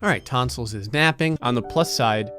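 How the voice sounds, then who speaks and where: A young man delivers dry, sarcastic running commentary over a video game, his pitch sitting in an ordinary middle range. Faint music plays underneath, and he laughs now and then at his own jokes. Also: normal speed, fairly bright tone. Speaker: gameplay commentator. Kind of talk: comedic gameplay commentary.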